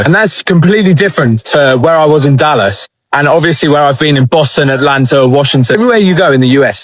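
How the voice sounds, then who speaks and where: A man's voice: a little high, no echo. Man doing a travel vlog. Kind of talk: travel vlog talking to camera.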